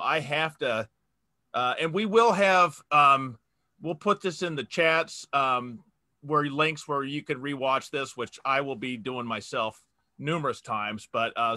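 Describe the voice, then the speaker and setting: A man's voice: mid-range voice, bright, forceful tone, dry recording, studio quality. A man hosting an interview, asking long, rambling questions with many hesitant fillers. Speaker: host. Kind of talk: casual interview talk.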